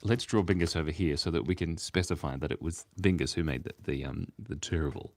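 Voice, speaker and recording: Low-voiced guy streaming his drawing, giggly and goofy, rambles a lot. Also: brisk, dry recording. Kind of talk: casual live-stream drawing chat.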